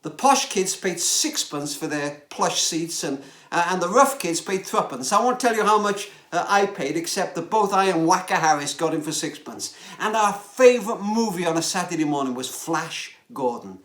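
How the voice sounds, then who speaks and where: An older man, a pastor giving a storytelling sermon that slows and softens on key words. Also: high voice, animated. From Wales. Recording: echoey room.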